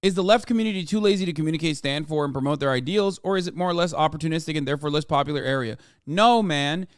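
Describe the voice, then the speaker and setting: Smooth-voiced profane male streamer. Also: a little high, fast, no room sound, studio quality. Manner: profane, rambling, with frequent fillers; gets loud and heated when ranting. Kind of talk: casual reaction commentary.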